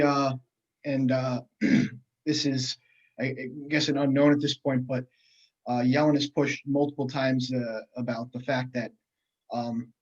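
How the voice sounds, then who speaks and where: A man at an ordinary middle pitch on a somewhat dull, lo-fi recording. He talks through economic questions earnestly as a podcast co-host, often stalling on restarts and fillers. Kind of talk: casual economics chat.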